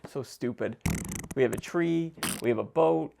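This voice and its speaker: Gravelly sarcastic man chatting while drawing. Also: medium pitch, normal speed, background noise. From United States. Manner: sarcastic, jokey, talks to himself. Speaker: visual artist. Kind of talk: stream-of-consciousness drawing vlog.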